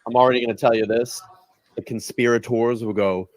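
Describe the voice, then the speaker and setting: A man's voice: fairly low pitch, steady tone, quick pace, no echo. A man giving casual commentary in a wry, mocking way.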